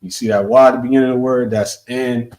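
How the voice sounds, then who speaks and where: A man's voice: medium pitch, fairly even intonation, fast, a little mellow, recorded from a distance. A man steadily explaining Hebrew prefixes and root words in a class. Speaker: Hebrew teacher.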